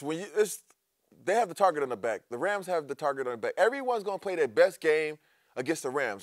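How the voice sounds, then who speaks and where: A man who played the game, giving his take in a halting way and restarting his phrases. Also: on the high side, no room sound, clean studio sound. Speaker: former player analyst. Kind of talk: casual sports panel chat.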